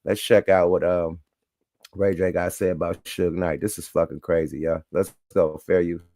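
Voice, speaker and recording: A man's voice: sits low, flat delivery, moderate pace, mellow, dry recording, studio quality. A man hosting a live stream, reacting to clips in loose, profane casual talk. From US West Coast. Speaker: host.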